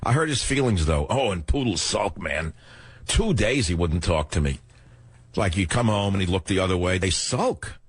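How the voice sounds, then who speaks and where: An older man hosting a radio talk show, ranting sarcastically through an opinionated monologue with a husky voice. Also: deep voice, expressive, moderate pace, no room sound.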